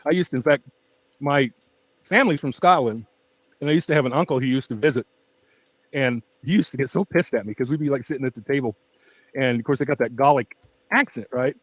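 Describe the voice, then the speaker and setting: A man's voice: medium pitch, brisk, long pauses, dry recording, poor audio. Rambling close-mic man, dry sound. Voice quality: weak voice that tires easily. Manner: rambling, emphatic, laughs often. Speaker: true-crime channel host. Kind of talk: casual rambling livestream chat. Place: at home with pets. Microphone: very close to the microphone.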